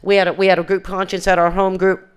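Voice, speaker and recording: An older woman tells her recovery story at an alumni reunion. Her voice is smooth and clear, and she speaks in earnest, plain words. She often circles back and restarts her sentences and acts out the conversations she recalls. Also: lowish voice, little pitch movement, quick pace. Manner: earnest, plain-spoken, with frequent restarts and quoted exchanges. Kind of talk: personal testimony at a recovery reunion.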